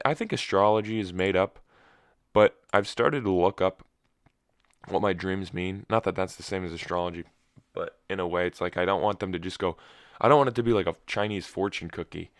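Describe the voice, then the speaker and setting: A man's voice: low-pitched, fairly bright tone, clean tone, dry recording, clean studio sound. A young man hosting a solo podcast, groggy and just woken up with a cracking voice, telling a rambling story with wry asides. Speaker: podcast host.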